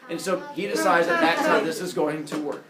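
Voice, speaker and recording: A male teacher retelling a myth to his class in an animated, jokey way that teases the students. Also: a little high, a little fast, a crowd in the background. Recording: echoey classroom.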